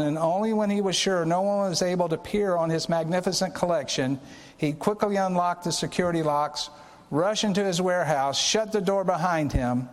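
Male pastor, earnest and unhurried storytelling sermon, slightly high voice, long hall reverb.

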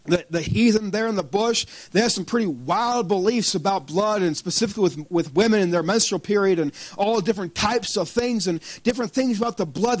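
A man with a strikingly high voice preaches through a story, animated and quick to chuckle. The sound is very dry and close, with no room around it. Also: dry recording, low-quality recording. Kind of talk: storytelling sermon.

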